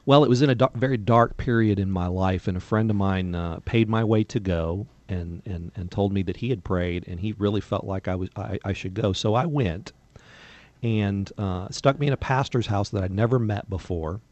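A man's voice: on the low side, moderate pace, darkish tone, no echo, lo-fi sound. A man from America, a missionary guest telling testimony stories in a radio studio, earnest and quoting dialogue plainly. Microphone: studio microphone.

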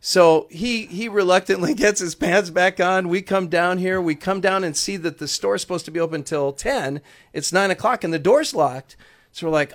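Animated male radio guest telling a story. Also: high voice, moderate pace. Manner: animated storyteller, acts out quotes, uses "like". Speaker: guest, ministry leader.

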